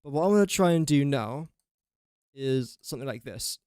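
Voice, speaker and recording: A man's voice: mid-range voice, lively intonation, moderate pace, darkish tone, clean tone, dry recording, clean studio sound. A young man, chatting casually while live-streaming a building game and talking himself through each step. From England. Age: young adult. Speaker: gaming streamer. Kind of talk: casual live gameplay commentary.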